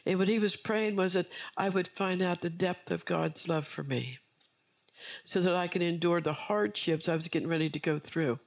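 A woman's voice: on the low side, moderate pace, creaky. A woman preacher delivering an earnest sermon with personal testimony, repeating key phrases for emphasis.

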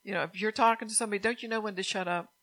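A woman's voice: medium pitch, fairly even intonation, very fast, fairly bright tone, low-quality recording. A middle-aged woman preaching a sermon in church, chatty, asking the congregation questions and laughing often.

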